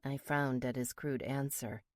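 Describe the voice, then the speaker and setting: Low-voiced woman narrating a romance. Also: fairly even intonation, measured pace. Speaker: audiobook narrator. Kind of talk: first-person romance narration.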